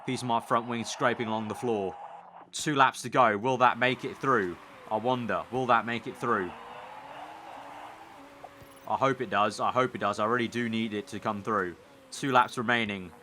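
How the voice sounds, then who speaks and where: An excitable young man from the United Kingdom talks through his racing management game with a bright, forceful voice. He mutters strategy to himself and begs the cars home. A faint hiss sits under the recording. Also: medium pitch, normal speed. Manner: animated, excitable, pleading and cheering at the screen. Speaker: gaming YouTuber. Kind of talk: let's play commentary.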